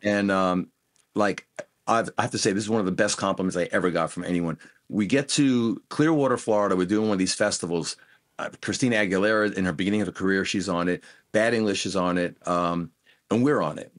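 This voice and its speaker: Low-voiced man telling lively stories. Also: fairly quick. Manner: animated anecdotes, acts out quoted dialogue. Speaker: guest musician. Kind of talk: casual storytelling interview.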